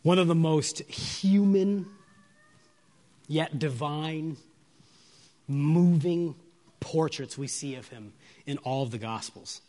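Slow, emphatic male preacher. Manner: asks the listeners rhetorical questions; moves between soft, low lines and raised, emphatic ones. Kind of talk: expository sermon.

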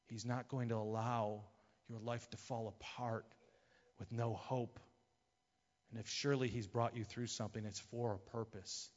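A man, a pastor preaching a sermon, impassioned and swinging between loud and hushed. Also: medium pitch, level tone, moderate pace. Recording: dull lo-fi sound with long hall reverb.

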